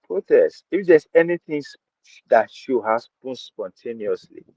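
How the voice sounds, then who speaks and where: A man's voice: mid-range voice, animated, a little slow, husky. A man with a Nigerian accent hosting a podcast, giving opinionated commentary and driving points home by repeating phrases and slipping into Pidgin. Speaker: podcast host. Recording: dull lo-fi dry sound.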